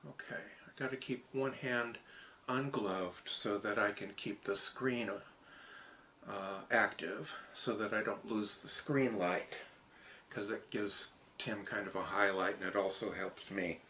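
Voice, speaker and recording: A man's voice: fairly low pitch, fairly even intonation, unhurried, bright, forceful tone, a little hiss or hum. Man muttering through outtakes, dry-throated. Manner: self-mocking, laughing at his own flubs. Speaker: horror show host and puppeteer. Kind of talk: blooper outtakes, muttering to himself. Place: outdoors in wind.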